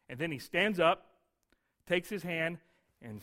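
A male pastor preaching a sermon, telling the story lively and acting out scenes. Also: on the high side, normal speed.

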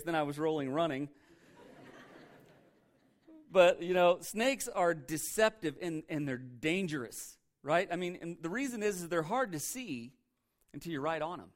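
A male pastor preaching a sermon, reading scripture and telling funny stories in an animated, repetitive way. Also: on the high side, moderate pace. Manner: animated, jokey, tells stories, repeats for emphasis.

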